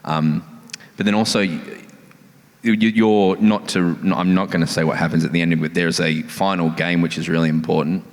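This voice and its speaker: An Australian man hosting an on-stage interview, jokey and halting, full of restarts. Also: low-pitched, steady tone. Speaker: interviewer host. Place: large town hall ballroom. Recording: long reverb of a large hall.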